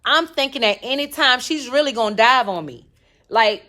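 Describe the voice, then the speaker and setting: A woman podcast host telling a comic personal story, animated and profane, talking straight to her listeners. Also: a little high, normal speed.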